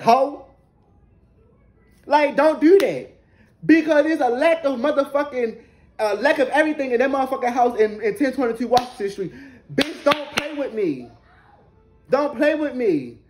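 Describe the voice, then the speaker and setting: Young guy in his 20s w a super high voice, cussing nonstop, heated storytime rant, bit of hiss behind. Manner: heated, profane, repeats lines for emphasis. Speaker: vlogger. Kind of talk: angry storytime rant to camera.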